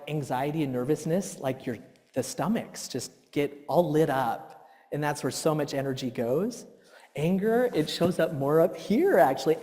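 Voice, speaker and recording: A man in his thirties giving a workshop talk, telling stories with animated acted-out outbursts. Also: on the high side. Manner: animated storytelling, acts out his own outbursts. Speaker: workshop presenter. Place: church hall. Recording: long reverb in a hall.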